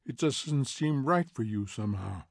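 A man voicing a curious, gently odd teenage girl who talks softly and stumbles over her words. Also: mid-range voice, lively intonation, normal speed, gravelly, no room sound, clean studio sound. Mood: wondering.

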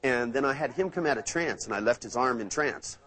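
A man running a live hypnosis seminar, playful and storytelling, sinking into a slow hypnotic tone when he demos trance suggestions. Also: medium pitch, animated, a bit bright, low-quality recording. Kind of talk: live seminar teaching with anecdotes. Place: seminar room with live audience.

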